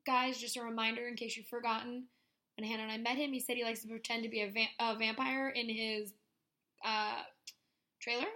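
A high-pitched woman co-hosting a podcast, chatting casually. Her voice is bright and forceful, and she talks in an animated way, laughing often. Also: a little fast. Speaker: podcast co-host. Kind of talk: casual chat.

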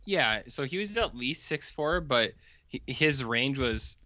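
A man co-hosting a comedic podcast, joking in a deadpan way and putting on drawling voices for bits. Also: mid-range voice, a little slow, dry recording, dull audio. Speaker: podcast co-host. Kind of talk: casual comedic banter.

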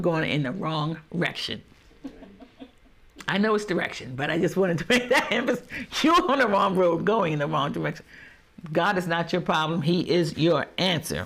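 High-voiced emphatic male preacher. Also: big pitch swings, a little fast, creaky, fairly bright tone. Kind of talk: sermon.

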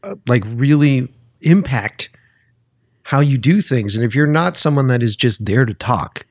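A man's voice: medium pitch, expressive, unhurried, darkish tone, no room sound, studio quality. A man hosting a casual conversation, enthusiastic and swearing casually, often calling people "man".

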